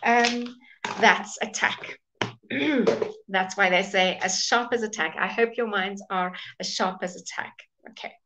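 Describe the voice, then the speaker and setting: A woman's voice: medium pitch, slow pace, bright, forceful tone, slight background noise, rough recording. A woman teaching a live online English pronunciation lesson, patiently modelling words and greeting viewers by name.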